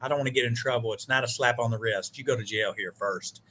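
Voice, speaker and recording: A man chatting as a guest on a live stream over a video call, telling animated stories, acting out quoted dialogue and swearing mildly. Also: medium pitch, quick pace, slight background noise. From United States. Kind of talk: casual chat.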